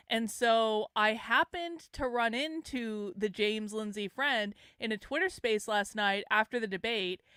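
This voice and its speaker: Middle-aged woman host ranting, exasperated and swearing, high clear voice, dry sound. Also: a bit bright, dry recording. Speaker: podcast host. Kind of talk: heated commentary monologue.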